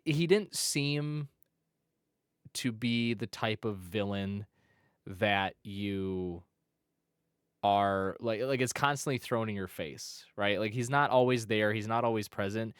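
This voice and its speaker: A man with a low voice co-hosting an anime podcast, talking in loose, rambling stretches full of restarts. The sound is dry and close to the mic. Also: smooth, no echo. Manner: rambling, many restarts and fillers. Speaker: podcast co-host. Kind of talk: casual chat.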